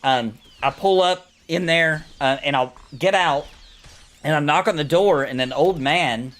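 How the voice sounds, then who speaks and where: A man in his thirties hosting a casual gaming chat, telling an anecdote in an animated way, often tossing in "you know what I mean.". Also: on the high side, a little slow. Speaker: host.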